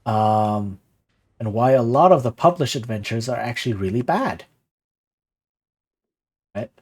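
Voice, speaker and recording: He speaks unhurriedly in a mid-range voice with a breathy edge, hosting a casual livestream about game design. Animated and rhetorical, he leans on "right?" a lot and reads out messages from chat before replying, all while discussing how to run tabletop games.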